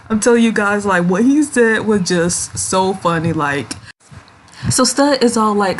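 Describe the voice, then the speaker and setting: A woman's voice: mid-range voice, lively intonation, slow, slight background noise. A woman reviewing episodes of a series in a casual, chatty way, giggling often and acting out the characters' lines. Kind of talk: casual recap vlog.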